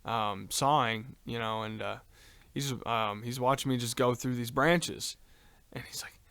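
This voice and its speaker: A man's voice: mid-range voice, a little slow, a bit bright, smooth, no room sound. A man co-hosting a casual podcast, telling a long story with lots of ums and uhs and casual swearing. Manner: rambling, many ums and uhs, swears freely. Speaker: podcast co-host.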